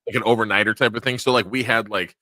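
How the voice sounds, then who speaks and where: Bright-toned, joking man co-host. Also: lowish voice, fairly even intonation, fast, no room sound, studio quality. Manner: crude, joking storyteller. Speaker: podcast co-host. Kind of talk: casual chat.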